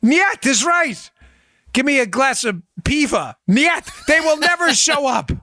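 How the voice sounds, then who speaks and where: A man hosting a political podcast, talking in a sarcastic, animated way full of mocking asides. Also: very high-pitched, unhurried, no echo. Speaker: podcast host. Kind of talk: opinionated political commentary.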